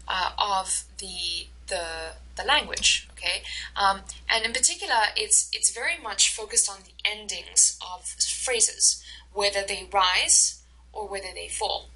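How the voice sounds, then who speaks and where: A woman instructor giving a recorded lecture over slides, explaining slowly and carefully with many fillers and restarts. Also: medium pitch, sharp tone, slightly rough, low-quality recording.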